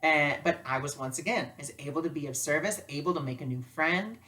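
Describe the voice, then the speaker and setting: Low-voiced woman telling a lesson story. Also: fairly quick. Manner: animated, acts out dialogue with lively voices. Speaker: spiritual teacher and life coach.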